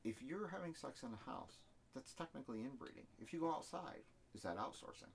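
A man's voice: mid-range voice, fairly quick, gravelly, a little hiss or hum. A young man co-hosting a podcast, trading crude jokes in casual banter. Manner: joking, animated, trades raunchy riffs. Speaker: podcast co-host.

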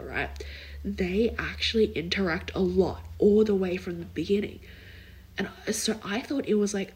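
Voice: medium pitch, rough recording. A young adult podcast host chatting casually on their own. The talk wanders and is full of "like" and "kind of", with loose, half-finished thoughts. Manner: rambling, filler-heavy, many likes and kind ofs. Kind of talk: casual solo podcast chat.

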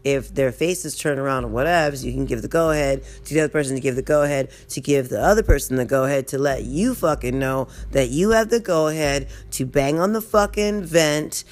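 A woman's voice: low-pitched, fairly quick, few pauses, a little mellow. A woman vlogger telling a rambling, profane story, constantly drifting off topic. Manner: rambling, profane, easily sidetracked. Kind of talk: casual rant storytelling.

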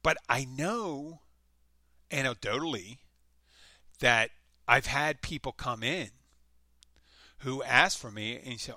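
A man's voice: medium pitch, takes it slowly, pauses often, sharp tone, no echo. A man from the United States, hosting his own podcast in a casual, rambling monologue full of restarts and self-corrections. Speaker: podcast host.

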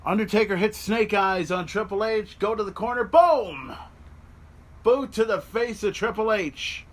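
A fairly high-voiced man hosts a podcast and talks over a replay as he watches it. His delivery is animated and loose. He swears freely and breaks into yells when the action peaks. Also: normal speed. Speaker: podcast host. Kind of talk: excited watch-along commentary. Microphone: podcast mic.

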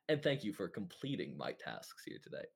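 A man's voice: fairly low pitch, huge pitch swings, normal speed, creaky, breathy edge, pitched below the performer's own voice, exaggerated voice. A man voicing a smug, mysterious robed male sorcerer who speaks theatrically, with a chuckle in his voice.

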